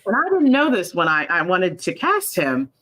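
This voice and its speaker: A man who created an indie animated series, chatting casually in an interview with lots of ums and acted-out quotes. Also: sits high, normal speed, rough recording.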